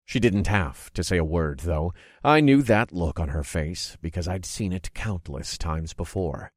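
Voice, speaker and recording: A man narrating a fantasy story in first person, steady and expressive. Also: sits low, unhurried, no echo, studio quality. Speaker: audiobook narrator.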